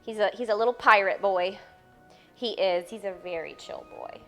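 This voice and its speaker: A woman's voice: medium pitch, moderate pace, faint music behind. A young woman, a fitness trainer, chatting playfully with her live-stream viewers from home. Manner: bubbly, playful, reads chat aloud and answers it. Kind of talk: casual live-stream chat.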